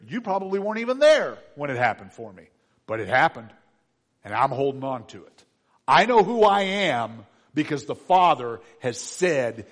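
A middle-aged man preaching a conversational sermon as pastor, with soft asides and gentle quoted lines. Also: mid-range voice, lively intonation, moderate pace, slightly rough. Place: church sanctuary. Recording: long hall reverb.

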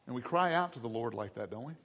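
A man preaching a sermon as a pastor, dramatic, dropping to a hush and then rising high and loud. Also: animated, fast. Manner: dramatic, swings from hushed to shouting. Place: church. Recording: long reverb of a large hall.

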